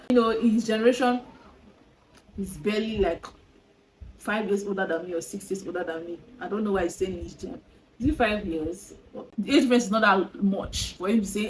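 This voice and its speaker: A young woman speaks straight to camera in a storytime vlog, exasperated and animated. Her voice sits at a mid-range pitch, with faint noise underneath. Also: rough recording. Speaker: vlogger.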